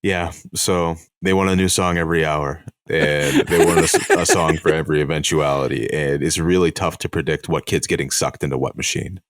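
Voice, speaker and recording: A man's voice: a bass voice, fairly even intonation, fairly quick, hardly any pauses, no echo, clean studio sound. A man co-hosting a comedy podcast, playfully building jokes. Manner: playful, bit-building, laughs often. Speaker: podcast co-host. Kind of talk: improvised comedy chat.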